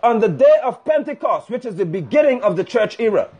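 A man's voice: extremely high pitch, big pitch swings, a little fast, darkish tone, husky, muffled recording. A male preacher delivering a fiery, scolding sermon live over a phone stream. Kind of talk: sermon on a livestream. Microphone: phone livestream.

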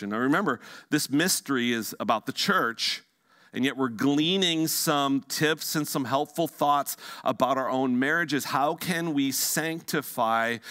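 A male pastor delivers a sermon with a bright, forward tone and a middle-pitched voice. He preaches with animation, pressing hard on some points and dropping almost to a hush on others. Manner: animated preaching, swings from emphatic to hushed. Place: church sanctuary.

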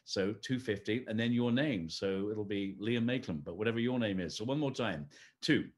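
A man's voice: on the low side, moderate pace. A man hosting a live-streamed fundraising gala, friendly and chatty, talking the audience through donations with frequent fillers. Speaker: host.

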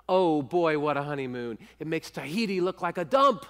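A male pastor preaching a sermon, earnest and often sinking into a hushed, intimate voice. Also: a little high, animated, moderate pace, hardly any pauses, clean tone, in a large hall. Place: church sanctuary.

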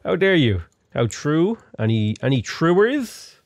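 A man's voice: fairly high pitch, slow pace, hardly any pauses, no room sound, clean studio sound. A young man commenting casually on a strategy game he is playing, joking and getting exasperated. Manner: animated, exasperated, jokey. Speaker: gaming YouTuber.

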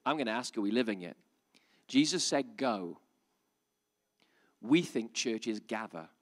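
A man preaching a live sermon to a church audience. He moves between joking asides, quiet reasoning and loud, emphatic calls. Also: medium pitch, animated, a little slow. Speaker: pastor.

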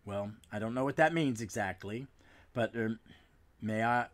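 A man's voice: lowish voice, a little slow, close to an everyday voice. A man reading out the lines of a wry woman who heads her family, in a dry, faintly teasing way, during a casual comic recap.

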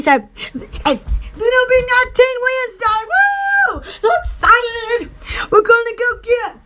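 Very high-pitched giggly woman. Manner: excitable and giggly, lots of exclamations. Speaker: host of a live shopping stream. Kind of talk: casual live stream chat.

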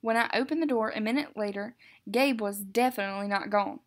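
A woman teacher reading a picture book aloud, expressive, with occasional self-corrections. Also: on the high side, brisk.

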